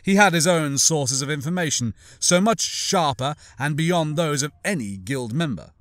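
A man narrating an audiobook in a measured, deliberate reading. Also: on the high side, expressive, fairly bright tone, dry recording.

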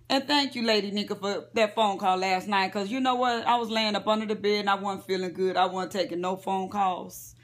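A woman's voice: mid-range voice, normal speed. A woman vlogger lying in bed at home, gossiping about celebrities in a chatty, profane way and talking straight to her viewers. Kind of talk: casual celebrity gossip rant.

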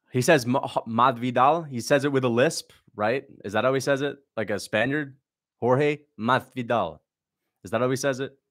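A man's voice: mid-range voice, normal speed. Young guy on a livestream, blunt and sarcastic, chatty and mocking. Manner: blunt, sarcastic, mocking, reads viewer questions aloud. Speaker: livestream host reacting to a fight. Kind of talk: casual livestream chat.

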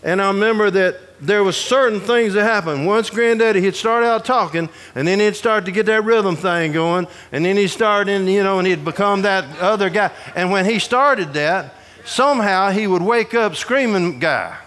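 A man from Georgia, preaching a humorous storytelling sermon to a prison audience in a folksy, animated way. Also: high voice, normal speed. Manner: folksy, animated, acts out voices in his stories.

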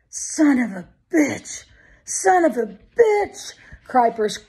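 A woman narrating a novel as an audiobook in a measured, vivid storytelling manner. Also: fairly low pitch, darkish tone. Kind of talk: scripted narration.

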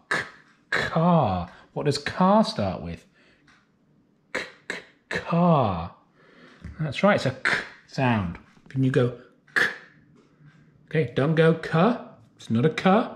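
Slow, sing-song man teaching phonics. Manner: slow, drawn-out sounds with lively, sing-song pitch. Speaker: nursery teacher. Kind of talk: phonics lesson for young children. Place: classroom or home, recorded for remote learning.

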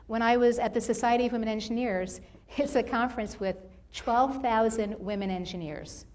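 A woman's voice: medium pitch, a little mellow. A woman giving a motivational talk on campus, telling stories and acting out the people she quotes in livelier voices. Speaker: guest speaker.

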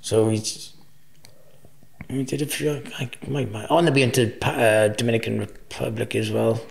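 The speaker is a man in his forties on a podcast, his creaky mid-range voice fairly even in intonation and normal in speed. He rambles through anecdotes, swearing and laughing often, in a laid-back storytelling interview with roomy echo.

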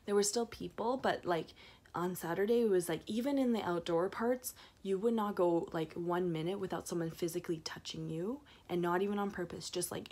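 A woman's voice: fairly low pitch, a little mellow. A woman knitting vlogger in a casual, rambling recap full of fillers and restarts.

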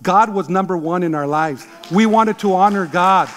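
A man in his sixties, a pastor, preaching an emphatic, animated sermon. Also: high voice, moderate pace, big-room sound, background noise. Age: 60s. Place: church sanctuary.

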